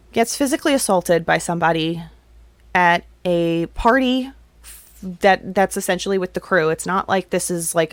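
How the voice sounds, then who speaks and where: A woman podcast host narrating a guest's story in a measured way, her voice sitting slightly low. The recording is dry, with no room sound around her. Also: no echo. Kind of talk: narration and discussion.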